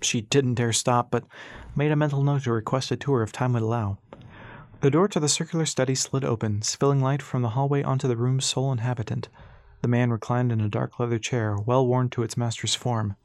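A man narrating an adventure story in a steady, expressive audiobook style. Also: mid-range voice, a little fast, no echo.

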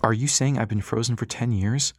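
A man's voice: medium pitch, brisk, no echo, close to an everyday voice. A man reading as an earnest weathered airship father.

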